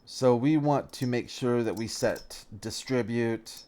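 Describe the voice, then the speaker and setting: A man's voice: mid-range voice, takes it slowly, warm tone, clear, resonant tone. A man casually commentating his farming game, thinking aloud and correcting himself as he goes. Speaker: let's play gamer.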